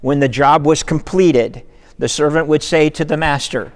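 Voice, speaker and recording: A man's voice: on the high side, steady tone, normal speed, big-room sound. A man preaching a sermon in earnest, repeating words and building to emphatic peaks. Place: church sanctuary.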